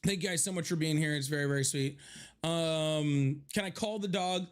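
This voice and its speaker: A man's voice: a little high, moderate pace, clear, resonant tone. A young man hosting a casual livestream from his home office, chatting with viewers, thanking them by name and swearing freely. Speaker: livestream host.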